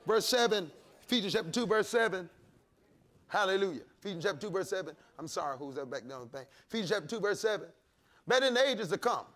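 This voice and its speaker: A male pastor preaching a sermon, shouting and calling on the congregation to answer back. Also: high-pitched. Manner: preaching with shouts and call-and-response.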